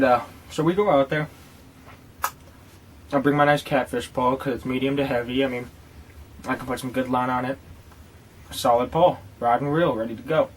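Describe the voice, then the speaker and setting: A man's voice: mid-range voice, a little hiss or hum. A man rambling through a casual vlog story and product review, swearing freely and joking as he goes. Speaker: tobacco dip reviewer.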